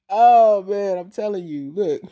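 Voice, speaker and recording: A woman's voice: medium pitch, dark tone. A woman vlogger talking casually to her camera in loose street slang, swearing often and repeating phrases for emphasis. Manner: repeats herself and pauses with fillers. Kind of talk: casual video monologue.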